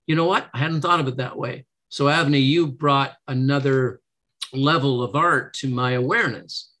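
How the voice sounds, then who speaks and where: A man's voice: mid-range voice, a bit bright. Earnest middle-aged man, motivational. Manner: earnest, motivational, acts out quotes in a lifted voice. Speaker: podcast guest, negotiation trainer. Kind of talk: casual interview.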